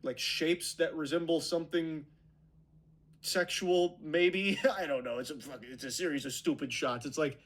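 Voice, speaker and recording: A man giving a casual spoken movie review, retelling the plot in a rambling way full of fillers. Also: fairly high pitch.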